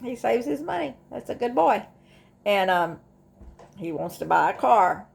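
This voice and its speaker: A middle-aged woman with a drawl talks to the camera in a personal vlog. Her voice has a gravelly fry, and she speaks slowly. She rambles, doubling back and restarting her sentences as she goes. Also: a little high, very animated. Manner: rambling, with many restarts and asides. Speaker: vlogger. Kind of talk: casual talk to camera about grief.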